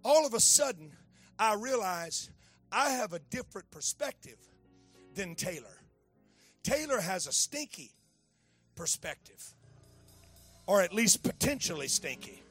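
High-voiced preacher telling a story. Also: male voice, sing-song, unhurried, pauses often, husky, soft background music. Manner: speaks to a child beside him, repeats phrases, swells to shouting. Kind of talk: storytelling sermon.

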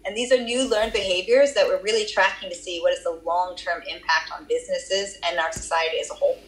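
A woman's voice: fairly low pitch, steady tone, a little fast, poor audio. A woman with a Boston accent answering interview questions about her research, explaining at length with occasional fillers. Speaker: research guest.

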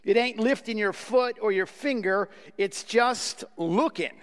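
A man's voice: high-pitched, measured pace, a bit bright. A man voicing a plain-spoken, homespun lay preacher who urgently pleads with his listeners. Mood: plain exhorting. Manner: urgent, repetitive exhortation. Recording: long hall reverb.

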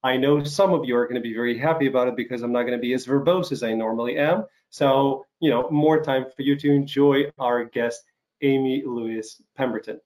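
A man hosting an interview show, recovering from an illness and coughing now and then, speaking haltingly with many fillers and restarts. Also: medium pitch, a little mellow. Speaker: talk show host. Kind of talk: casual interview chat.

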